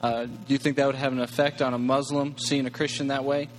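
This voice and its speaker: A man's voice: mid-range voice, flat delivery, quick pace, soft background music. A male host asking questions hesitantly, with many fillers. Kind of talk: interview questions. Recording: reverberant room with faint hum.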